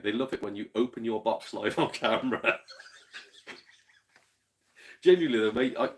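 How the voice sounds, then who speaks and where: A man with a Yorkshire accent hosting a casual gaming livestream, chatting and reading out viewer comments, swearing freely and laughing often. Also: mid-range voice.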